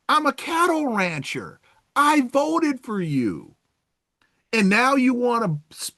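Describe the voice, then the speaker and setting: A man voicing an aggrieved middle-aged rural voter who rants and pleads indignantly in a raised, swinging pitch. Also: fairly bright tone, dry recording, studio quality, exaggerated voice.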